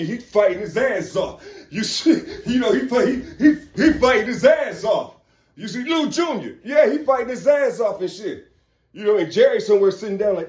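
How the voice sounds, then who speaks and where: Brief: lively, high-leaning man preaching a profane rant, swings up to shouts. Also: echoey room. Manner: preachy, profane, keeps asking "you see"; bursts into shouting and laughter. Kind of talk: spiritual rant monologue.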